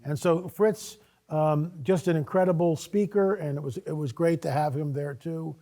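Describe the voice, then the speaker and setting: A man guest on a talk show, telling a personal story in a casual, animated way and acting out his own dialogue. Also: on the high side, normal speed. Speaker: guest speaker.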